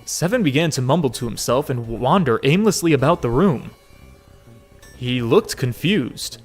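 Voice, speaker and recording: A man playing a game and reading its text aloud, with casual, expressive commentary and swearing asides. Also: medium pitch, moderate pace, husky, faint music behind. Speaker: let's play gamer.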